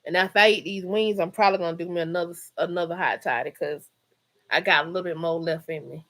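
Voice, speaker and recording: On a casual livestream from home, a middle-aged woman with a Georgia Southern accent reads her viewers' live comments and chats with them. Her voice is on the low side, a bit bright and steady in tone, at a quick pace. She's chatty, full of laughs and Southern slang.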